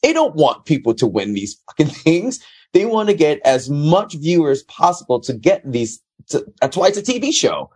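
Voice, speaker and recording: A man's voice: fairly high pitch, very animated, moderate pace, a little mellow, slightly rough. A man in casual conversation, telling stories in a blunt, profane way. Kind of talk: casual storytelling.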